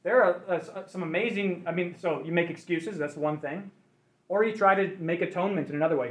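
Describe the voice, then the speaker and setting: High voiced guy teaching a bible class, chatty, keeps asking the group stuff. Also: a little fast. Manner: conversational, asks the group questions. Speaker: Bible study leader.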